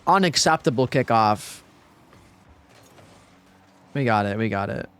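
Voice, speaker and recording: A man's voice: medium pitch, measured pace, clear, resonant tone. Man streaming a game, muttering and ranting. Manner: swings between muttered calm and frustrated outbursts; casual, swears, talks to chat and teammate. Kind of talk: live gameplay streaming commentary.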